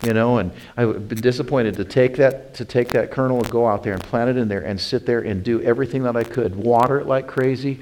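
On a rough recording, a man at a medium pitch delivers a sermon as pastor. His preaching alternates between booming, building emphasis and hushed, unhurried passages, with repeated phrases and addresses to "my friends."

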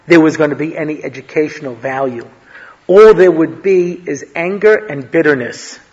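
A high-pitched man teaches a casual Torah class, chatty and full of jokes and asides. His voice rings with a long reverb from a lecture hall. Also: muffled recording. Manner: chatty, joking, peppered with "you know". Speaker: rabbi giving a Torah class.

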